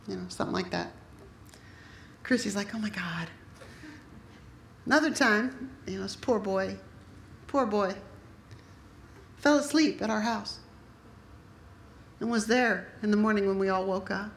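A middle-aged woman delivers a sermon full of family stories. She talks in an animated way and acts out the voices in her stories. Her voice rings in a roomy church hall. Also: mid-range voice, measured pace, long pauses, a little hiss or hum. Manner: animated storyteller, acts out quotes. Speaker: pastor's wife preaching.

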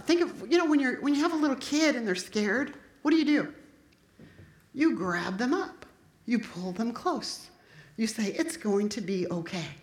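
A woman preaching a sermon, impassioned and building to forceful declarations. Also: fairly high pitch, roomy sound.

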